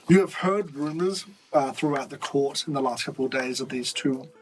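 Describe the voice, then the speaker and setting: A man's voice: medium pitch, moderate pace, slight background noise, low-quality recording. A man narrating a tabletop game as game master, loose and chatty with many fillers. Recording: music playing behind.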